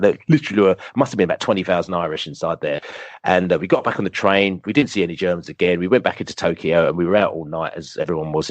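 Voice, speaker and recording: A man, a podcast guest telling animated, rambling football fan stories full of fillers. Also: low voice, no echo. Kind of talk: casual storytelling interview.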